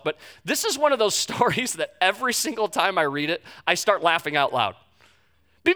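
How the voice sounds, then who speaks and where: A young adult man preaching a sermon as pastor, telling stories animatedly and acting out the voices in them. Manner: animated storytelling, acts out quotes with big pitch jumps.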